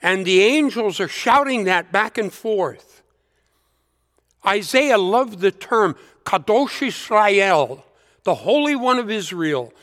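Male preacher, high and very lively voice, slow and deliberate delivery, big hall reverb. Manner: slow, rising to emphatic lists, dropping to hushed repetition. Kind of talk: sermon.

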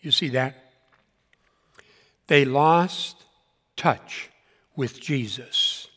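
Older preacher with a slow, earnest delivery. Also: male voice, mid-range voice, a bit bright. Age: 70s. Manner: earnest, repeats key points for emphasis. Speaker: pastor. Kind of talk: sermon. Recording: long hall reverb.

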